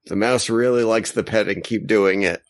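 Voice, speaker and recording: A man playing a tabletop game, tossing in quick joking asides. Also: on the low side, steady tone, gravelly, dry recording. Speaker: player.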